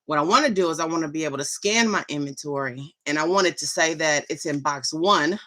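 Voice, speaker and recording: A middle-aged woman talks to her viewers in a casual vlog. Her voice sits low, and she rambles in a chatty, enthusiastic way. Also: a little fast, sharp tone. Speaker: vlogger. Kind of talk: casual chat.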